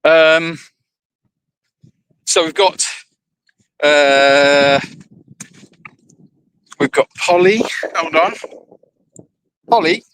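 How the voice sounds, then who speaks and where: A man's voice: a little high, extremely slow, long pauses, a bit bright, smooth, no echo, poor audio. A man hosting a casual live stream from an animal sanctuary, chatting and rambling as he greets viewers by name while walking around outdoors on his phone. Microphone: phone held in hand.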